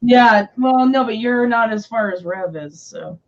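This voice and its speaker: A woman's voice: a little high, lively intonation, unhurried, lo-fi sound. A woman co-hosting a live stream, chatting casually, laughing often and telling stories. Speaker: stream co-host.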